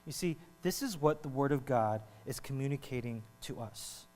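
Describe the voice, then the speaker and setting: A man preaching a sermon as pastor, animated and conversational, often checking in with the congregation. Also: medium pitch, normal speed, faint music behind. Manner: animated, talks to the congregation with frequent "right?". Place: church hall. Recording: reverberant hall with mains hum.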